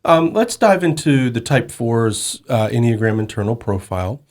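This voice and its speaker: A man co-hosting a podcast, explaining in a measured way with some restarts. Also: medium pitch, expressive, a little mellow. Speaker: podcast co-host.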